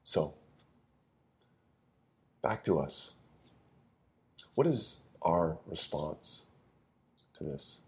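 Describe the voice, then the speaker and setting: A man preaching a conversational sermon, often repeating words as he starts a phrase and dropping to a soft, low voice on key lines. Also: sing-song, drawn-out words, pauses often.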